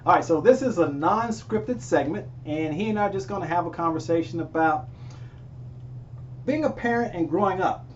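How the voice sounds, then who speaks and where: A man's voice: sits high, lively intonation, normal speed, recorded from a distance, muffled recording, slight background noise. A man interviewing his grown son, often laughing as he tells stories and acts out voices in quotes. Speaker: interviewer and father. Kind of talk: unscripted conversation.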